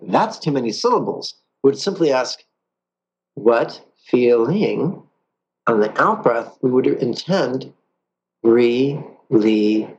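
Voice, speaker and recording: A man teaching a guided meditation in a calm, playful way, slowing down for the guided phrases. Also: mid-range voice, slightly rough, dull audio.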